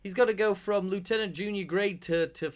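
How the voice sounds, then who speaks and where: A man's voice: high-pitched, fairly quick. A man co-hosting a podcast, chatting casually, rambling with restarts and casual swearing. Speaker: podcast co-host. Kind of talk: casual chat.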